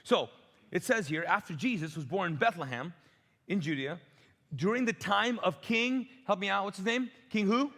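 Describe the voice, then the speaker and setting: A man's voice: high-pitched, expressive, normal speed, a bit bright. A middle-aged man from the Middle East, preaching a sermon as a pastor in a church auditorium, conversational and joking, acting out voices. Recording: long hall reverb.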